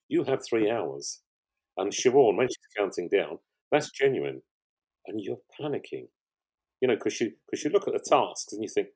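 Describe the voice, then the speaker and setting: Older guy chatting on a podcast, really deep husky voice, rambles and restarts a lot. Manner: rambling, warm storytelling with frequent restarts. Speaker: guest, pottery show finalist. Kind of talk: conversational podcast interview.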